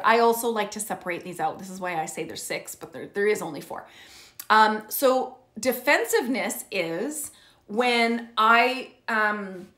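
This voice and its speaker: A woman's voice: fairly high pitch, bright, forceful tone. A middle-aged woman coaching parents in an earnest teaching talk, often checking in with "okay?" and "right?". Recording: roomy echo.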